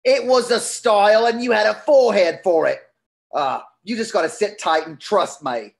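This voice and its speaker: A man's voice: high voice, moderate pace, creaky. A man playing a scheming female con artist with a Cockney accent, reading a comic play over a video call. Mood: soothing. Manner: cocky, reassuring, conspiratorial.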